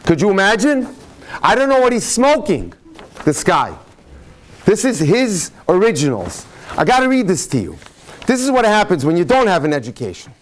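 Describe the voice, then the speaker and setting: A rabbi lecturing to an audience in a room, his voice sitting a little high for a man. He tells jokes and stories in an animated way, rushing some phrases and stretching others for effect. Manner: animated storytelling, speeds up and slows down.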